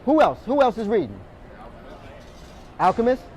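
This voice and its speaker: A man with a high, bright-sounding voice speaks to a roomful of salespeople as a motivational speaker. He fires questions at the audience and pushes them to answer back. Faint background noise sits under his voice. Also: moderate pace. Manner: energetic, calls on the audience, quizzes the room. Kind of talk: motivational talk to a sales team. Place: meeting room with a live audience.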